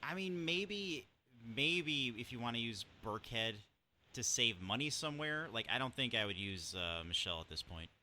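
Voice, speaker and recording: A man co-hosting a football podcast, giving laid-back, measured answers in casual chat. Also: mid-range voice, expressive, bright, forceful tone, slight background noise. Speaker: podcast co-host on a call.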